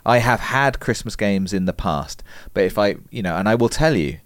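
A British man co-hosting a casual podcast, animated and quick to laugh. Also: lowish voice, dry recording. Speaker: podcast co-host.

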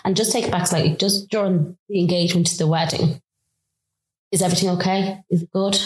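A woman hosting a casual interview, mostly giving short supportive replies and asking gentle questions. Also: fairly low pitch, fairly even intonation, brisk, roomy sound, poor audio. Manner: supportive listener, brief backchannels.

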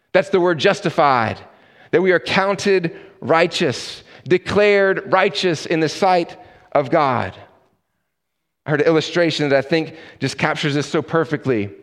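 A male pastor delivering a sermon in a church sanctuary, voice slightly higher than most men's. His words ring out with a long hall reverb, and he slips into lively storytelling and acts out the dialogue.

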